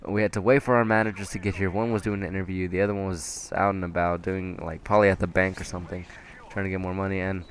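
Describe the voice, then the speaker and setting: A young man working at a fast-food restaurant, telling work stories in a casual rambling way with frequent chuckles. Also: sits low, little pitch movement, slight background noise. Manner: rambling, laughing often, lots of fillers. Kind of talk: casual storytelling vlog.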